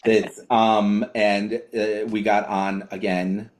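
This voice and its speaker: A man's voice: lowish voice, little pitch movement, slow, slight background noise. A man co-hosting a podcast, talking casually with many fillers and restarts. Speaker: co-host.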